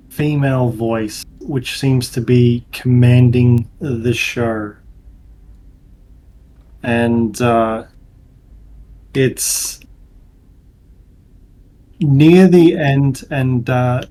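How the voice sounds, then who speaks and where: A man narrating as game master of a tabletop game, unhurried and pausing with fillers as he describes the scene. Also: mid-range voice, dark tone, a little hiss or hum, poor audio.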